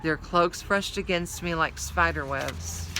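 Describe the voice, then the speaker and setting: A woman reading a children's novel aloud, telling the story in a measured, expressive first-person voice. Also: fairly low pitch, background noise. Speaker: storybook reader.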